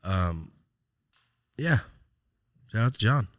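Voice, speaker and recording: This male podcast host talks fairly quickly in a somewhat low voice, loosely recounting a personal story. It's reflective, casual storytelling chat, with free swearing and plenty of fillers and restarts.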